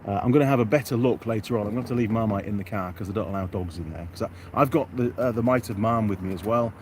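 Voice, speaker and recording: A man's voice: fairly low pitch, rapid-fire, darkish tone, slight background noise. A middle-aged man from York, England, hosting a casual outdoor live stream, chatting and reading out viewer comments by name in a self-deprecating way.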